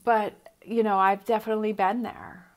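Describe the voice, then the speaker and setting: A woman's voice: mid-range voice, flat delivery, normal speed. A middle-aged woman giving a motivational tarot reading, earnest and encouraging, repeating her reassurances. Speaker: tarot reader.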